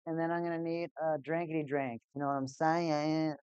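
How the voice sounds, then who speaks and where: A live-stream host talking straight to viewers in a casual, exasperated, sarcastic way. The voice is smooth and resonant, close to the mic and dry. The sound is a little dull and lo-fi. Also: mid-range voice, steady tone, brisk, darkish tone, no echo.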